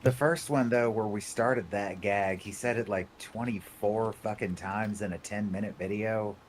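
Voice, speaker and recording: Low-voiced man with deadpan jokes. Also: normal speed, slight background noise. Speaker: co-host of a reaction stream. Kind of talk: casual banter.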